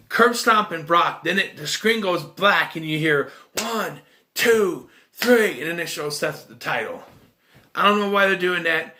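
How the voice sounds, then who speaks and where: Chatty man with a bright, forceful voice. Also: fairly high pitch. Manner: rambling, chuckling, loose slangy storytelling. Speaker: wrestling vlogger. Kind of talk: casual recap of a wrestling event.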